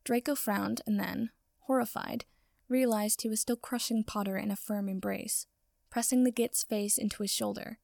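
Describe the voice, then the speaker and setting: A woman reads a story aloud in steady, even narration, at a middling pitch. Her voice carries a gravelly fry, and the sound is dry and close, with no room echo. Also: moderate pace. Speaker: reader. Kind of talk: reading fan fiction aloud.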